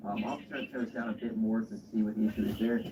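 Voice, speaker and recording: A man's voice: fairly low pitch, fairly even intonation, fast, noisy background. A man walking through a console repair in a casual, step-by-step way, muttering to himself as he works. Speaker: repair streamer. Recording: dull lo-fi stream audio.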